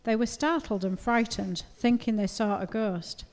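A woman's voice: on the high side, steady tone, measured pace, darkish tone. Woman reading scripture in a reverberant hall. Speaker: scripture reader.

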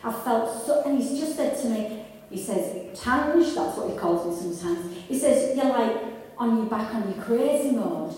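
A woman preaches to her congregation, earnest and chatty, and she often restarts her sentences. Her voice sits fairly high. It is heard from a distance in a large hall with long, echoing reverb. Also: animated, moderate pace, warm tone. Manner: earnest and conversational, with restarts and rising fervour. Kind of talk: sermon. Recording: echoey hall, voice from far off.

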